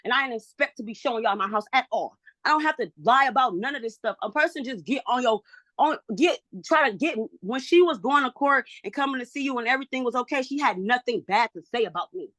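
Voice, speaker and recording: A woman's voice: a little high, fast, a bit bright, no echo. A woman testifying in a custody hearing, agitated and pleading, repeating herself out of frustration. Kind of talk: emotional courtroom testimony.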